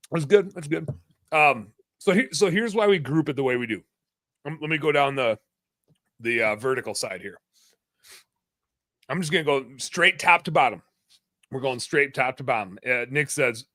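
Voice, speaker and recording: Joking male podcast host, bright dry voice. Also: medium pitch, moderate pace, pauses often, no echo. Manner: joking, laughs often, reads listener comments aloud. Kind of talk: casual podcast chat.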